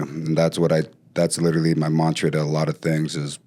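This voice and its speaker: A man talking as a podcast guest, telling stories casually with lively bursts and frequent restarts. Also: a bass voice, fairly quick. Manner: animated, trails off and restarts often. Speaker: podcast guest, former pro football player. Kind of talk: casual storytelling.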